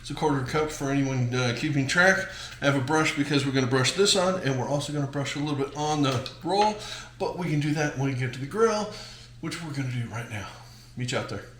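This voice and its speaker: A man's voice: medium pitch, a little fast, fairly bright tone. Male home-cooking host, casual demo delivery, wisecracking asides, echoey room sound. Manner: jokey, rambling, chatty asides.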